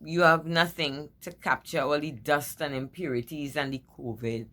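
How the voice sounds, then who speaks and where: A woman vlogger speaks in a husky, deep voice. She chats casually and teasingly, drawing out key words for effect. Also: steady tone, pushed and bright. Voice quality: husky low voice. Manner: playful, teasing, with drawn-out emphasis. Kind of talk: casual opinion vlog.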